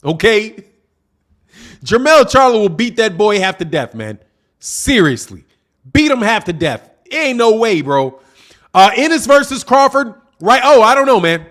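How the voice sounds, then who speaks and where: Heated high-voiced man on a boxing livestream. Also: big pitch swings, unhurried, a bit bright. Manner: blunt, heated, mocking commenters, repeats himself. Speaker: boxing channel host. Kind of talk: livestream commentary reading chat.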